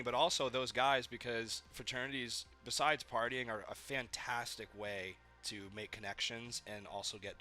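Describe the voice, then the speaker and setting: A young man from Maine co-hosts a podcast, rambling through party stories in casual chat. His mid-range voice is bright and forceful, he swears heavily, and he acts out what people said.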